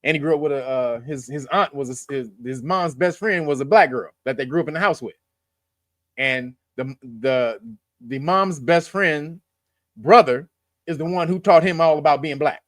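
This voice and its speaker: A man's voice: a little high, normal speed, a bit bright, dry recording, studio quality. A man hosting his own channel, giving casual political commentary in a loose, profane, joking way and laughing at his own lines. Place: lives in California.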